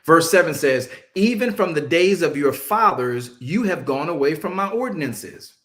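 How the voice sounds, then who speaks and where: A male preacher teaching a Bible-study sermon, emphatic and conversational, drawing answers from his listeners and slowing down to stress scripture. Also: fairly high pitch, expressive, a bit bright. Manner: casual Southern-leaning vernacular, mocking asides.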